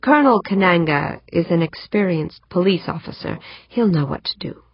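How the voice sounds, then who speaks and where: A woman reading a tired male official, low and husky, speaking slowly in a cranky, careful tone. The recording is dull and dry. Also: lively intonation, no echo. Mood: measured. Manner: cranky and measured. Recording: dull muffled audiobook recording.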